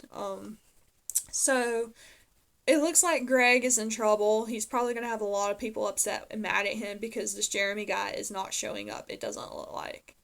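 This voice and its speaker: A woman casually recapping a TV episode, retelling scenes and quoting the characters with frequent fillers and self-corrections. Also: medium pitch. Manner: chatty retelling, quoting characters with lots of "and she's like". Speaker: TV episode reviewer.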